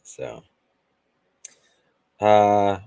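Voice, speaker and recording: A man hosting a casual live stream as a web sleuth, reading chat comments in a calm, dry, teasing way. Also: lowish voice, drawn-out words, vocal fry, clean tone, no room sound.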